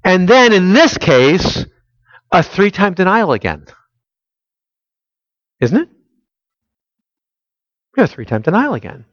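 A man's voice: high-pitched, very animated, takes it slowly, long pauses, fairly bright tone, dry recording, lo-fi sound. Emphatic man preaching a sermon. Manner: conversational, emphatic, asks the congregation rhetorical questions. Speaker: pastor. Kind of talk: expository sermon.

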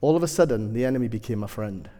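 A man's voice: mid-range voice, expressive, racing, dark tone, in a large hall. A man preaching a sermon, telling humorous personal stories with self-deprecating asides.

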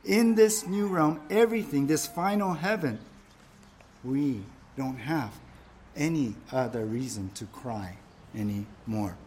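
A man's voice: medium pitch, takes it slowly, darkish tone, slight background noise. A man preaching a sermon, emphatic and repetitive, often checking in with the listeners. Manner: emphatic, repeats phrases, frequent "right?" checks. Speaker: pastor.

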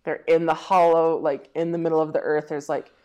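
A woman's voice: low voice, level tone, brisk, warm tone. Rambling woman telling a story, full of "like". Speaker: podcast co-host. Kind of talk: casual podcast chat.

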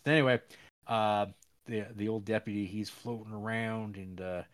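A man's voice: on the low side, steady tone, moderate pace, smooth. A man hosting a podcast, chatting casually as he retells a movie's plot in a loose, rambling way. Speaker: podcast host. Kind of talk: casual movie-recap chat.

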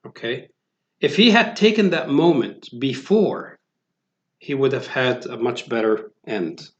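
A man's voice: medium pitch, very animated, unhurried. A man giving a sermon, talking in a conversational way with many fillers and restarts. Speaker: preacher. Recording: roomy, dull lo-fi sound.

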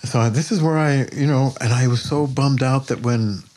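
An older painter, interviewed as a podcast guest, tells stories in a plainspoken, lively way and swears freely. His voice is mid-range and his pace moderate.

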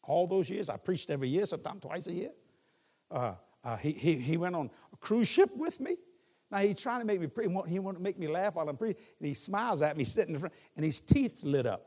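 A man's voice: high-pitched, lively intonation, fast, darkish tone, big-room sound. A man in his sixties preaching as a guest in a church, telling humorous stories and laughing often. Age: 60s. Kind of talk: sermon.

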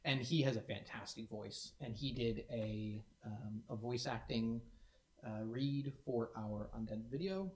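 A man's voice: mid-range voice, unhurried, darkish tone. A man co-hosting a community stream, talking casually and enthusiastically with many restarts. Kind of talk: casual chat. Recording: echoey room.

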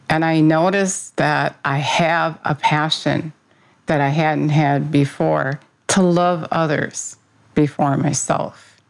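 Low gravelly woman doing a casual devotional talk, earnest, lots of ums. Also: rough recording. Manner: earnest, conversational, with fillers and self-corrections. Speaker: devotional speaker. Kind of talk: informal devotional teaching with prayer.

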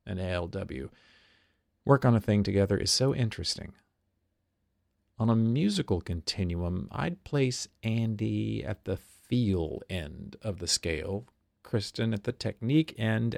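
Low, gravelly man reading his journal. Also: a little mellow, no room sound, clean studio sound. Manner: wry, observant reading with asides. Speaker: stage performer and diarist.

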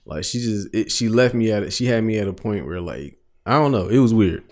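A man's voice: lowish voice, lively intonation, fairly quick. A man co-hosting a podcast in a laid-back way, laughing often and answering with short agreements. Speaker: podcast co-host. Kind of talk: casual chat.

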